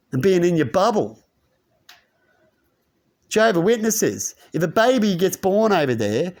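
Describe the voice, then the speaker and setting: A man delivering a rambling monologue to his channel, constantly tagging his points with a rhetorical "right?". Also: on the high side. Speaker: channel host. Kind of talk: ranting monologue to camera.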